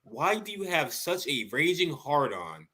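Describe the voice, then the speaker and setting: A man co-hosting a pop-culture podcast, ranting rapidly with profane jokes. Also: a little high, big pitch swings, sharp tone. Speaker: podcast co-host. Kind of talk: heated pop-culture chat.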